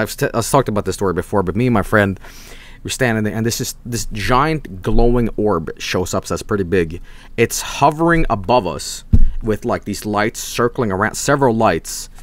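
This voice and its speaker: A young man streaming a game, casually telling a story, cursing a lot and shouting out the voices he quotes. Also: lowish voice. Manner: animated, swearing, mock-shouting quoted voices. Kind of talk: casual storytelling while gaming.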